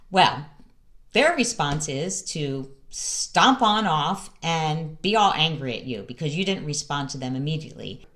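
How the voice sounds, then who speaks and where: A woman's voice: low-pitched, measured pace. A middle-aged woman hosting a parenting advice vlog in a casual, storytelling way. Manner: lively, animated storytelling with acted-out quotes.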